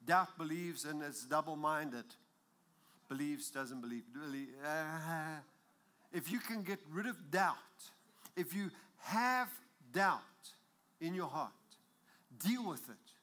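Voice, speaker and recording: Male preacher, high-pitched and bright, emphatic sermon delivery with loud peaks. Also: lively intonation, slow pace. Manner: emphatic, rises to loud exclamations.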